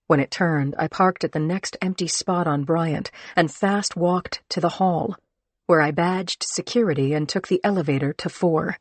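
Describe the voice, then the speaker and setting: A woman narrating a crime thriller audiobook in the first person, measured and earnest. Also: deep voice, no echo.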